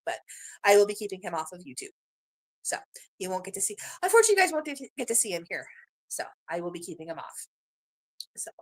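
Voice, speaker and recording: A middle-aged Canadian grandmother hosts a live stream, chatting casually with viewers and rambling and gushing with many fillers. Her voice is medium-pitched and fairly bright.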